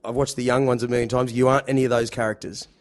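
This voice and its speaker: A man's voice: medium pitch, flat delivery, very fast. A man with an Australian accent hosting a casual podcast chat, laughing often and hesitating with fillers. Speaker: podcast host. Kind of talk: casual conversation.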